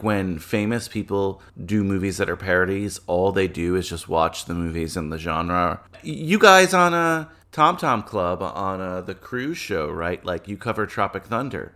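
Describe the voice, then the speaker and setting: A man telling rambling, animated stories about films in casual podcast chat, laughing often. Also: sits low, normal speed, hardly any pauses. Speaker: podcast guest.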